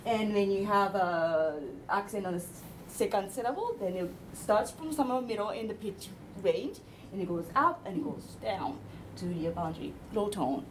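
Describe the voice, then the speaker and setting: A woman linguist giving an academic presentation, explaining her slides step by step with frequent pauses and hesitations. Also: medium pitch, animated, slight background noise, poor audio.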